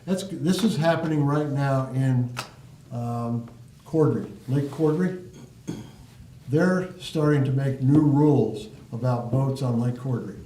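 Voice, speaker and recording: Man, community meeting voice, mellow, roomy, picked up from afar. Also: medium pitch, slow, slight background noise. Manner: earnest, thinking aloud with restarts. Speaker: board member at a community meeting. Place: meeting room. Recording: echoey room, mic at a distance.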